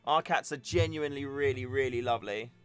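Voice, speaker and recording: A man's voice: medium pitch, fairly quick, smooth. A young man hosting a casual livestream, chatting and joking in a rambling way. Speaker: livestream host. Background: faint music.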